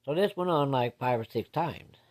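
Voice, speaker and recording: A man's voice: medium pitch, expressive, normal speed. Folksy man telling a ghost story. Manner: folksy, plain-spoken with casual swearing.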